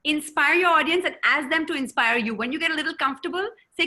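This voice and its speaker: A woman's voice: sits high, brisk. A woman who grew up in America, giving an online communication seminar as a trainer and calling on participants by name over a video call. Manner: lively, addresses participants by name.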